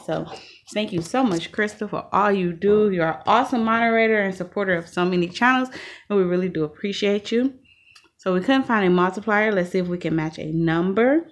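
A woman co-hosting a lottery ticket scratching video, talking casually and breaking into loud cheers. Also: medium pitch, a little fast. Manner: upbeat, bursts into loud cheers. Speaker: channel co-host.

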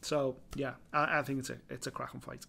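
A man with a Scouse accent co-hosting a fight preview, chatting in an animated way and swearing freely. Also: mid-range voice, fairly quick, vocal fry, slightly rough. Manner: animated, swears freely, calls people baby. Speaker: MMA show co-host. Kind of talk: casual fight preview chat.

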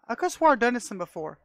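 A woman giving casual, excitable commentary as she plays a video game, talking to herself and laughing often, recorded on a close mic. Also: on the high side, dry recording. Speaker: gamer.

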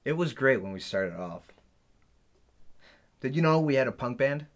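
An actor playing a bitter, boastful former tour mate in a mockumentary interview, speaking deadpan. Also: male voice, mid-range voice, moderate pace, close to an everyday voice. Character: washed-up male ex-bandmate, bitter and boastful.

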